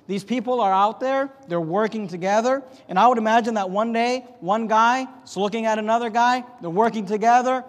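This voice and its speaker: A man teaching a Bible story lesson, telling it lively and acting out voices, with frequent restarts. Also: high-pitched. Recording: echoey hall reverb.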